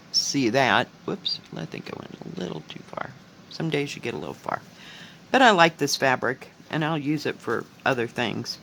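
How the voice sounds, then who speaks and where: A woman chatting casually at home as she shows her cross-stitch projects, rambling and unhurried. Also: rumbling low, fairly bright tone, slight background noise, poor audio. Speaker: cross-stitch video host. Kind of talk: casual crafting chat.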